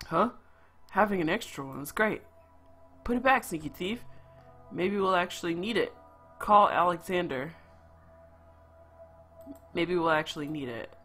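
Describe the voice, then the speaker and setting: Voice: mid-range voice, lively intonation, a little slow, long pauses, sharp tone, faint music behind. A streamer reading out the lines of a cheeky young man in a survival game, teasing and casual.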